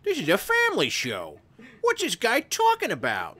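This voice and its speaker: A man voicing a prim, scandalized small-town librarian in a high, shocked voice. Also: wildly swooping pitch, moderate pace, pushed and bright, heavily acted.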